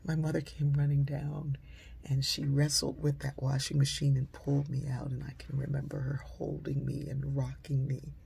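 A woman telling a personal story in a conversational way, dropping into a hush when she quotes people. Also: very deep voice, level tone, moderate pace, vocal fry, breathy edge.

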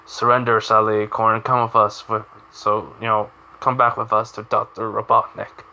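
A man's voice: on the low side, level tone, normal speed, bright, forceful tone. A man voicing attack robots in a retold fan story, issuing demands in his plain voice. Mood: demanding.

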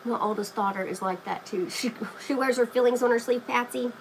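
A woman's voice: fairly high pitch, a little fast, slight background noise, rough recording. A woman hosting a casual live craft stream, chatting to viewers by name while she paints. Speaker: craft livestream host.

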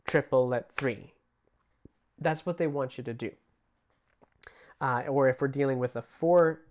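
A male music teacher talks through an online theory lesson in a relaxed, chatty way. He sings rhythm syllables aloud to show them, and his voice sits at an ordinary middle pitch.

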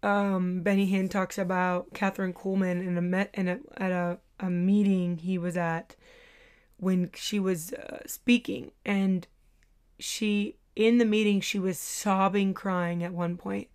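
A woman speaks in a devotional teaching talk. Her voice sits at an ordinary middle pitch, and she takes her time. She is earnest and a little hesitant, pausing on soft filler sounds as she gathers her thoughts. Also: little pitch movement, smooth. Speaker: Christian teacher.

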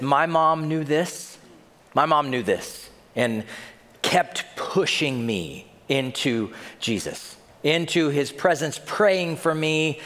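A man's voice: a little high, a bit bright, big-room sound. A man preaching a sermon as senior pastor, telling the story with animation and acting out the scenes. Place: church sanctuary.

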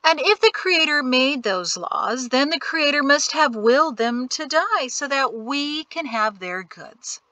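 A woman's voice: high-pitched, expressive, unhurried, few pauses, bright, forceful tone, no echo, voice pushed up, exaggerated voice. A woman doing a syrupy, smug rich man. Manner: syrupy, condescending. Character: greedy wealthy man, sickly sweet and smug.

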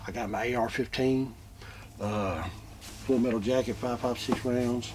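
A man telling his own encounter in an interview, animated, repeating himself, going from loud bursts to hushed tones. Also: mid-range voice, unhurried, noisy background. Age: adult, a father. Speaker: eyewitness interviewee. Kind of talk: emotional first-person retelling.

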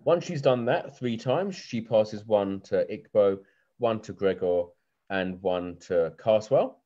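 A man with a fairly low voice runs a tabletop game as game master. He narrates in a loose, chatty way, with frequent ums and restarts. The audio is muffled and lo-fi, like a video call. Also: slow, warm tone.

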